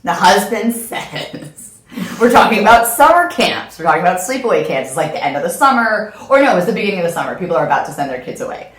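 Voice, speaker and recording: A woman's voice: medium pitch, very animated, quick pace, echoey room. A woman hosting a podcast, chatting casually with her sister and telling an embarrassing story, often laughing as she goes. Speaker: podcast host.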